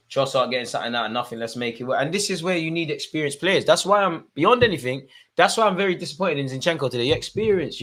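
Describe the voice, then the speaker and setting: A young man giving excitable live commentary on a football match, shouting at players and the referee. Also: on the high side. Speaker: football fan channel host.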